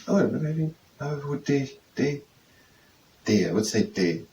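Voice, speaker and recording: A man works through French phrases, repeating each one slowly as he tries out the sounds. His voice sits in a middling register and comes from some distance off the mic, with a faint hiss of background noise underneath. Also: mid-range voice, animated, warm tone. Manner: slow, repetitive, trying out pronunciations. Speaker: language and exercise tutor. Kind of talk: practicing French phrases aloud, then leading exercises.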